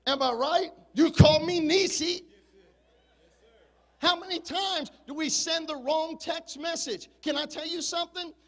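A man in his fifties with a very high voice preaches with passion. He swings between shouted peaks and low, confiding asides to his congregation. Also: a little slow, long reverb tail. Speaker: pastor. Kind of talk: sermon.

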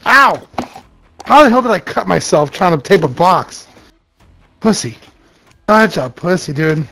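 A man's voice: high-pitched, big pitch swings, moderate pace, creaky, fairly bright tone, soft background music. A man streaming games and chatting casually, blunt and swearing freely. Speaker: gaming streamer and company owner. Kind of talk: casual gaming chat.

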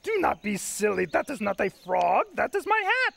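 A man's voice: high-pitched, wildly swooping pitch, moderate pace, a bit bright, no echo, heavily acted. A man playing a furry blue monster who poses as an expert, speaking formally with no contractions and great, bumbling confidence, in a children's puppet show. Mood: pompous. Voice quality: gravelly.

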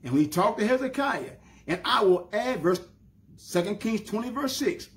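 High-voiced preaching Southern pastor. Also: male voice, animated. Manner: preaching with rising emphatic bursts and slow drawn-out lines. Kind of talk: sermon.

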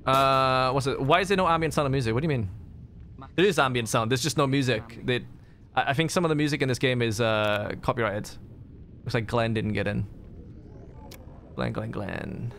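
A man streaming a game, chatting with friends in quick, sarcastic banter. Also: mid-range voice, vocal fry, a bit bright, slight background noise. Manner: sarcastic, fast-talking banter. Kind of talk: casual gaming chat.

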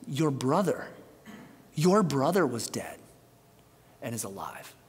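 A patient, loving father, voiced by a man in the middle of a sermon, speaking low and soft. The quiet words trail into a long church reverb. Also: big pitch swings, takes it slowly, slightly rough, exaggerated voice. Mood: tender. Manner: soft, tender reassurance.

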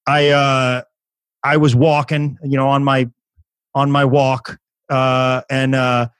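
A man's voice: medium pitch, flat delivery, takes it slowly, smooth, no echo, poor audio. A man in his fifties, a comedian guest on a podcast, telling a story in casual chat with many restarts and false starts. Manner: rambling with many restarts and acted quotes.

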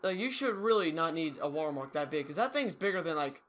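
A man's voice: fairly high pitch, expressive, fast, a bit bright, slight background noise. A young man giving casual, rambling, self-mocking commentary over his own gameplay. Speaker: gaming YouTuber.

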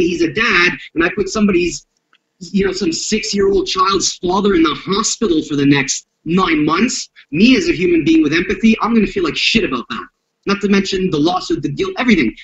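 A man's voice: high voice, creaky, fairly bright tone, slight background noise. A man speaking as a self-defense instructor in an interview, blunt and profane, acting out street confrontations as he explains violence. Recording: dull lo-fi audio.

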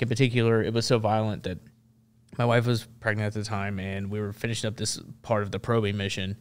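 A man in his thirties, a podcast guest, telling a long story in loose, casual talk. His voice sits slightly low, and he keeps stopping on "like", "uh" and restarts. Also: vocal fry. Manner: rambling, heavy on fillers like "like" and "uh". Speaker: guest, Marine veteran.

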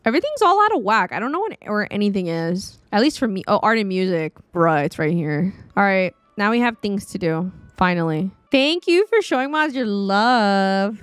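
A woman giving casual, chatty commentary while streaming a life-sim game, exclaiming and reacting loudly. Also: mid-range voice, sing-song, moderate pace, hardly any pauses, clear, resonant tone, dry recording, soft background music. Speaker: gaming streamer. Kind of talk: casual let's-play commentary. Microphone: desktop studio mic.

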